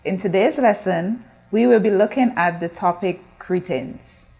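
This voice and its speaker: A woman's voice: medium pitch, vocal fry, dark tone. A woman teaching a recorded school language lesson, patiently drawing out words for learners to repeat and asking questions of the class. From Guyana. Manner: slow, drawn-out modeling of words for repetition. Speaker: Spanish teacher.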